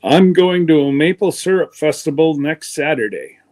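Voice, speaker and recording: A man's voice: a little high, lively intonation, moderate pace, darkish tone. A man hosting a livestream, chatting in a rambling, teasing way while congested from pneumonia. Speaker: livestream host. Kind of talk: casual chat.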